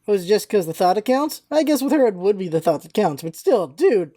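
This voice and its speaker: A woman hosting a casual game voice-through, reading scenes and joking in an animated, exasperated way. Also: mid-range voice, fairly quick, few pauses. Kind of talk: casual let's-play commentary and reading.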